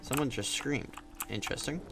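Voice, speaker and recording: Gravelly guy narrating his gameplay. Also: mid-range voice, normal speed, over music. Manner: chatty, wisecracking, swears when things go wrong. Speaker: gaming YouTuber. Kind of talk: casual let's-play commentary. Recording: noticeable background noise.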